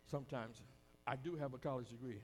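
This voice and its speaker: A man preaching a sermon to a congregation, dropping to a hush and then rising loud again, acting out the voices of the people he quotes in a folksy way. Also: mid-range voice, brisk, a little hiss or hum. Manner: preaching with sudden swings between hushed and loud. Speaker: pastor. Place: church hall with a congregation.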